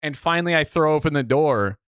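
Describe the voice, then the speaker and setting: A young man from the Midwest telling a story on a podcast in a casual, animated way, swearing freely and acting out what people said. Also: on the high side, a little fast, clean tone, no echo, clean studio sound. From Midwest United States. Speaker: podcast co-host.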